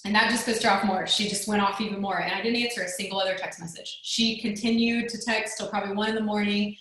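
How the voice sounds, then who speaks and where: A woman's voice: mid-range voice, steady tone, fast talker, fairly bright tone. A young adult woman telling a personal story in a chatty way, full of "like" fillers, on a video call. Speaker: network marketing leader. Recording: very echoey room.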